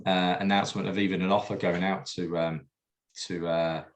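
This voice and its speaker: A man's voice: low voice, little pitch movement, moderate pace. A man co-hosting a casual podcast chat, hesitant with many fillers and restarts. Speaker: podcast co-host.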